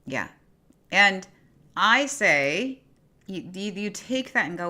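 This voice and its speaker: A woman's voice: medium pitch, very animated, slow, pauses often. A woman hosting a casual livestream, reading viewer comments aloud and answering them in an encouraging, effusive way. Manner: warm and effusive. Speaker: livestream host.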